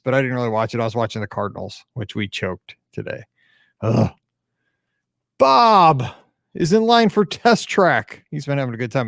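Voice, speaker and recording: This man has a medium-pitched voice with vocal fry, captured dry at studio quality. Hosting a live call-in podcast, he greets viewers one by one in a chatty, upbeat way, yet seems tired, humming and muttering to himself between comments.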